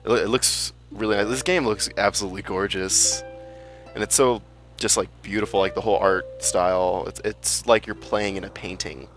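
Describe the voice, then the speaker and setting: A man's voice: lowish voice, steady tone, normal speed, a bit bright, soft background music. A young man giving casual, chatty gameplay commentary, swearing freely and cracking jokey asides. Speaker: let's play gamer.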